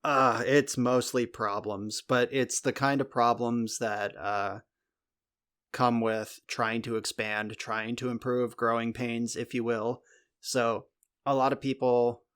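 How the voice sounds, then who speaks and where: A man's voice: medium pitch, a bit bright, clean tone. A man co-hosting a podcast in casual chat, rambling with lots of fillers and the odd swear, speaking from a home recording room. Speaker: podcast co-host.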